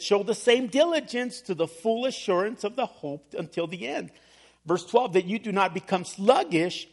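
A middle-aged man preaching a sermon as pastor, telling a personal story with humor and animated emphasis. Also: sits high, creaky. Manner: storytelling, animated, laughs at himself.

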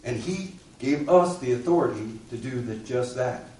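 A man preaching a sermon in a mid-pitched voice, with a storyteller's habit of putting questions to his listeners. His voice carries from a distance through a roomy, echoing hall. A faint hum of ambience sits behind him. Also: animated, moderate pace, dark tone. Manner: storytelling, asks the congregation questions. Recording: echoey room, distant mic.

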